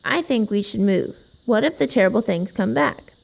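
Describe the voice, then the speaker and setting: A woman voicing a small, thoughtful young male rabbit in a storybook reading, speaking softly. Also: fairly high pitch, expressive, moderate pace, vocal fry, full character voice, rough recording. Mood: wistful.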